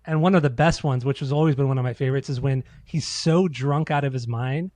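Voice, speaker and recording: Here a male podcast co-host trades casual chat, full of loose, profane stories and acted-out quotes. He has a mid-range, warm voice, talks a little fast, and there's no echo.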